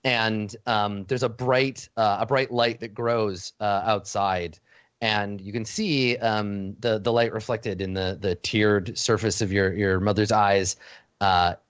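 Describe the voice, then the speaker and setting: Low-voiced man narrating as game master. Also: fairly even intonation, a bit bright, clear, resonant tone, dry recording. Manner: halting, many fillers and restarts. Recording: dull lo-fi dry audio.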